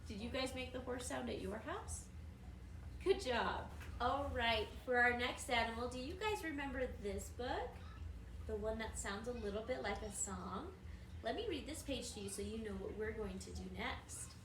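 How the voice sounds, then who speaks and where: Patient woman teacher guiding little kids through a craft, slightly high voice, recorded from across an echoey room. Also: expressive, background noise. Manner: slow, patient, encouraging instructions. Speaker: preschool teacher. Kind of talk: craft lesson for young children. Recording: roomy echo from a distant mic.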